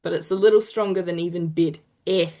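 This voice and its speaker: A woman's voice: fairly low pitch, steady tone, dark tone. A woman presenting an online pronunciation lesson, encouraging her group and stretching out example sounds. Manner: encouraging, drawn-out demonstration sounds. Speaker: te reo Māori workshop presenter. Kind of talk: online teaching session. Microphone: video call.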